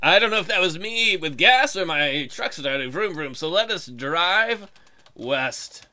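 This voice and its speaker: A man's voice: a little high, lively intonation, measured pace, pushed and bright. A man hosting a let's play video, joking crudely and reading game text aloud, with keyboard typing behind him. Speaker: gaming video host. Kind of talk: casual let's play commentary.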